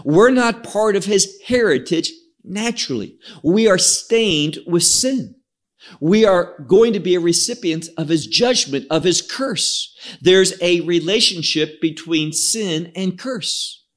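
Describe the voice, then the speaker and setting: A man's voice: sits high, expressive, slow. A man teaching through a scripture passage in an expository sermon, explaining words emphatically. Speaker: Bible teacher.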